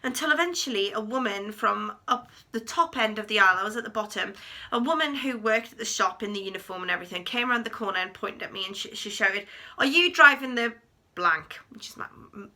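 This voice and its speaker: A woman in her thirties telling a personal story to camera in a chatty, animated way, acting out what people said. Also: mid-range voice, fast talker. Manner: chatty, animated retelling with acted quotes. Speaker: vlogger. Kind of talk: storytime vlog.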